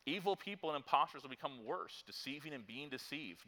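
Pastor guy preaching in church, bright forceful voice, chatty, gets loud and high on the bible lists. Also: expressive, a little fast, hardly any pauses. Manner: conversational, with self-deprecating asides; rises loud and high when reading scripture lists. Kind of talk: sermon.

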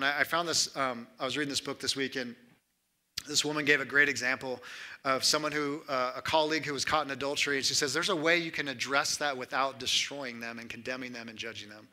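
A man in his thirties delivering a sermon with a very bright, slightly high voice. He preaches in a chatty, conversational way, checking in with "right?" and swinging between lifted emphasis and hushed, lowered lines. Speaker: pastor.

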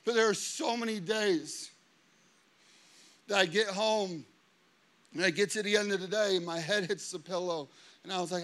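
High, bright-voiced preacher man. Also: unhurried, pauses often. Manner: animated storytelling, acting out quotes. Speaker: pastor. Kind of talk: sermon.

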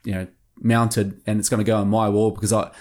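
Low kiwi guy spinning hunting yarns, keeps doing the other guys' voices. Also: fairly quick. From New Zealand. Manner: animated anecdotes with acted-out quotes. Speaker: hunting show producer and guest. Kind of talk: casual storytelling interview.

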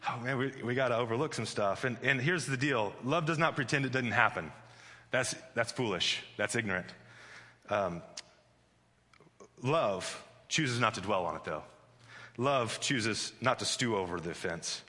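Pastor guy giving a sermon, bright voice, chatty and jokey, lots of restarts, long church reverb. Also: medium pitch, normal speed. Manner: conversational and joking, with frequent restarts and "like".

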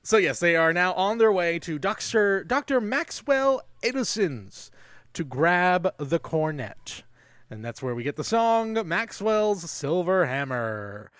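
A man's voice: high voice, big pitch swings, slow pace, fairly bright tone, clean tone, dry recording. A young man co-hosting a podcast, recapping a movie in casual, sarcastic chat and swearing now and then. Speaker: podcast co-host.

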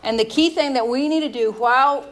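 A woman's voice: sits high, fairly quick, poor audio. A woman leading a Bible study class in a conversational way, spelling words out and restarting her sentences. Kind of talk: casual teaching talk.

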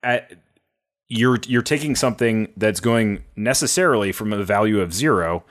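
A man's voice: lowish voice, moderate pace. A man co-hosting a casual podcast, talking in rambling, restarting sentences full of fillers. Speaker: podcast co-host. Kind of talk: casual chat.

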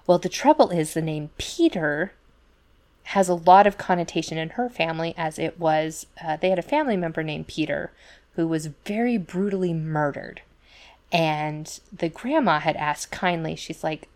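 Low-voiced woman telling a rambling story. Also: normal speed, a little mellow. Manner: chatty storytelling full of fillers and asides; acts out quoted voices in retellings. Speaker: podcast co-host. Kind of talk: casual chat.

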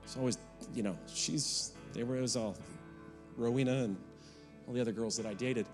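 A man's voice: medium pitch, steady tone, normal speed, faint music behind. A middle-aged man preaching a sermon, in a folksy, emphatic way. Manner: folksy and emphatic, with rising and falling intensity. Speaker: pastor.

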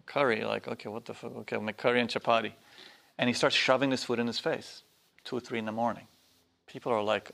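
A man with a gravelly, creaky voice and a mid-range pitch leads a spiritual workshop. He talks loosely and swears freely. He slips into little voices when he tells his stories. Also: fairly even intonation, fast, a bit bright. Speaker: workshop teacher. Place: workshop hall.

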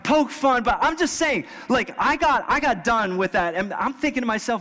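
A male pastor preaching a sermon. He shifts between casual storytelling, bursts of loud excited emphasis, and slow, repeated exhortations. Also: extremely high pitch. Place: church sanctuary. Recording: long reverb from a church hall.

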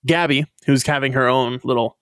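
A man co-hosting a casual podcast, recapping an episode in an animated, profane way and acting out characters' lines. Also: mid-range voice, brisk, no echo, clean studio sound. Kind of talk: casual chat.

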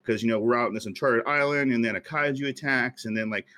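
A man's voice: medium pitch, fast, sharp tone, lightly acted. Man doing a chatty young wife, rambling, barely acted.

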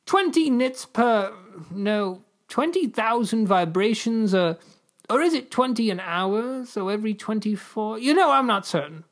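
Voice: mid-range voice, very animated, normal speed, hardly any pauses, sharp tone, pitched above the performer's own voice. A reader voicing a smug, scatterbrained male ambassador who fumbles with numbers in a story read aloud. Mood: flustered.

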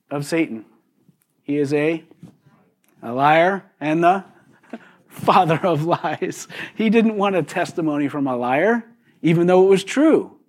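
A middle-aged male pastor preaching a sermon in a conversational, animated way, acting out quotes as he goes. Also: a little high.

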